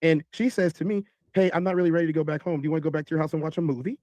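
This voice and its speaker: Fast, animated male storyteller. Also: fairly high pitch, dry recording. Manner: lively, acts out other people's voices. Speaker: podcast host telling a story.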